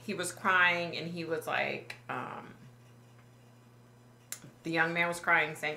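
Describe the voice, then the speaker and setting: A woman psychic vlogger retelling a dream in a halting, emotional way, full of fillers and restarts. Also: low-pitched, steady tone, gravelly, sharp tone, echoey room, a little hiss or hum. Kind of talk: personal vlog storytelling.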